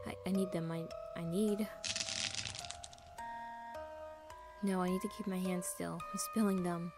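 A woman's voice: on the low side, fairly even intonation, brisk, close to an everyday voice. A woman voicing a frightened, paranoid male asylum patient who stammers and pleads. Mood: anxious. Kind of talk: voiced game reading. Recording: music playing underneath.

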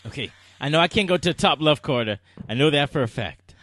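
A young man giving let's-play commentary, reacting out loud to a game with groans, cheers and sudden shouts. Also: fast. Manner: excitable, shouts and groans at the game, swings high and low. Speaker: gaming channel host.

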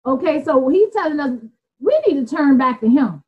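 A woman with a Southern US drawl leads an informal Bible study in a high, earnest voice. She talks plainly, circling back and restarting her words as she explains them. The sound is muffled and lo-fi. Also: lively intonation, normal speed. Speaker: Bible teacher.

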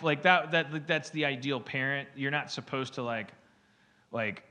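A man's voice: mid-range voice, normal speed, bright, forceful tone. A man hosting a podcast, rambling comedically through stories with lots of fillers and acted-out quotes. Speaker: podcast host.

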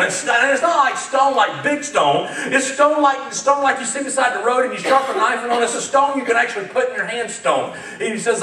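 A man preaching a lively sermon, acting out dialogue and getting fired up as he speaks. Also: extremely high pitch, a little fast, few pauses. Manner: animated, acts out dialogue, gets fired up. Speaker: pastor. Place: church sanctuary. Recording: echoey church sanctuary, mic at a distance.

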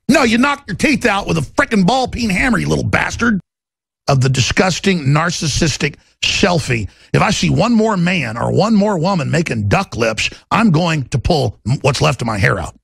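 Gravelly, raspy man ranting. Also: a little high, very animated, moderate pace, dry recording, clean studio sound. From Texas. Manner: gravelly, shouting rants, mocking put-on voices. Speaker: talk show host. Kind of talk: ranting talk show monologue.

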